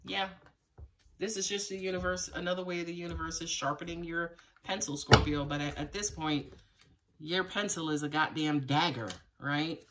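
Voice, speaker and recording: A woman's voice: lowish voice, steady tone, moderate pace, recorded from a distance, noisy background. A woman giving a live tarot reading to her viewers, talking casually with plenty of swearing and frequent laughter. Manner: casual and profane, laughs often, talks straight to viewers. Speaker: tarot reader.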